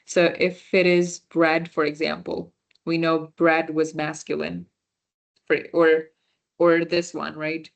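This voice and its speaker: A woman's voice: low-pitched, flat delivery, slow pace, gravelly. A woman running a casual online beginner class, chatting with students, answering their chat messages and correcting herself as she goes. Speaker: volunteer French workshop teacher.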